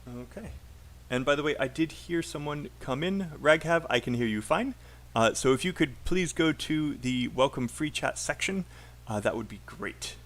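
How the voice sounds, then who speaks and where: A man's voice: fairly high pitch, animated, normal speed, fairly bright tone. A man with a British accent teaching a live online IELTS class, patiently drilling sentences aloud and encouraging students.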